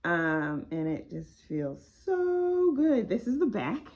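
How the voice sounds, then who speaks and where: A woman's voice: mid-range voice, sing-song, slow pace, a little mellow, lo-fi sound. A woman author unboxing her own book in a casual vlog, chatty and emotional with frequent exclamations.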